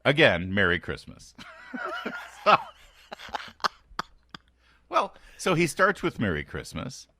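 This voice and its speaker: A man's voice: mid-range voice, wildly swooping pitch, slow pace, sharp tone, no room sound. An American man hosting a morning talk radio show, sardonic and fond of reading quotes aloud with mock emphasis. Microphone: studio microphone.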